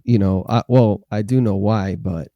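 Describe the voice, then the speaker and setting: A man's voice: on the low side, measured pace, dry recording, lo-fi sound. A man, a band member guest, chatting casually and trailing off mid-thought. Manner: rambling, trails off. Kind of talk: casual chat.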